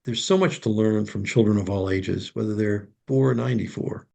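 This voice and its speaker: A man's voice: fairly low pitch, brisk, gravelly, dark tone. An older man, a professional Santa guest, telling an emotional story and acting out the dialogue. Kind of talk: heartfelt storytelling in interview.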